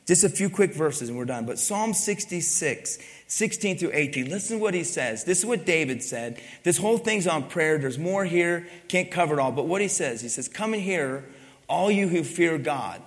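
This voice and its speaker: A man's voice: on the high side, expressive, normal speed. A man preaching a sermon, asking the congregation questions and pressing his points with emphasis. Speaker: pastor. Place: church. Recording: long reverb of a church hall.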